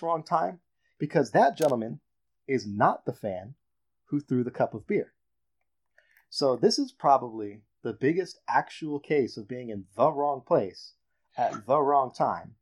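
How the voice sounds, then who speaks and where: A man hosting a casual sports podcast chat, telling a story with dramatic build-up. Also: mid-range voice. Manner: animated storyteller, builds up reveals. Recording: dull lo-fi audio.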